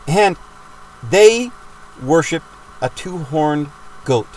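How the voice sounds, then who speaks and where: A man's voice: fairly high pitch, expressive, drawn-out words, a little mellow, rough recording. A man giving a rambling, emphatic religious monologue for his videos, with frequent restarts. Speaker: video maker.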